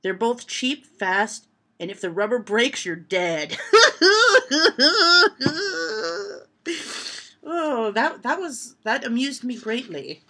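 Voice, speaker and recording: Reading joke lists aloud for her camera in a casual home vlog, a woman laughs loudly at the punchlines. Her voice is fairly high, breathy-edged and unhurried, with lively intonation.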